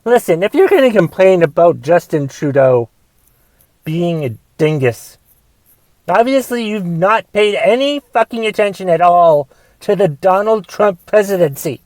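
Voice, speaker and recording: Comic host, young man, slightly high voice, foul-mouthed rants that flare loud then drop to mutters, dry close sound. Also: animated, a little slow, no room sound. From United States. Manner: profane, swings between shouting rants and mumbled asides. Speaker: podcast host and stand-up comedian. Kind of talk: comedic solo podcast rant.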